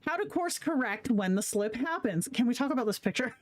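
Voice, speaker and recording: A woman's voice: on the high side, expressive, a little fast. Casual, slangy woman streamer. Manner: casual and profane, slangy, reads chat aloud. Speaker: livestream host. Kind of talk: casual live-stream chat reading comments.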